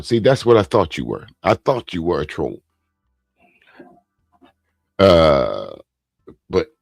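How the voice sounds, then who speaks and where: A man's voice: deep voice, wildly swooping pitch, takes it slowly, gravelly, pauses often, a little mellow, no room sound, faint music behind. A man hosting a casual live commentary, blunt and profane, stammering as he reads viewer comments aloud. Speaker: host reacting to a speech and viewer comments.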